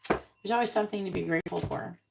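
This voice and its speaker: A woman doing a live tarot reading, softly repeating card draws and talking bluntly between them, with occasional swearing. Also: medium pitch, fast talker, vocal fry, very noisy. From Florida, United States. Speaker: tarot reader.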